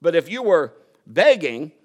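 A man's voice: fairly high pitch, very animated, unhurried. A man preaching a sermon, telling a personal story, acting out quotes and laughing at himself.

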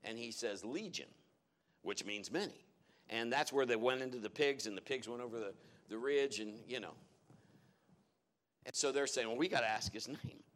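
A man's voice: medium pitch, normal speed, pauses often, a bit bright. A man preaching a sermon to his congregation in a church, telling folksy stories as he goes. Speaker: pastor.

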